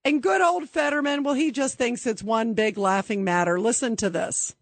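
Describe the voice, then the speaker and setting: Woman, radio talk host, sarcastic, animated, very dry close sound. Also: on the high side, normal speed, dry recording. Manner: sarcastic, animated, mocking impressions.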